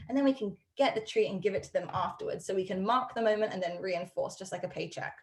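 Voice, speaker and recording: A woman's voice: mid-range voice, fast, hardly any pauses. A woman dog trainer teaching a live online class over a video call from her home study, upbeat and chatty with frequent ums.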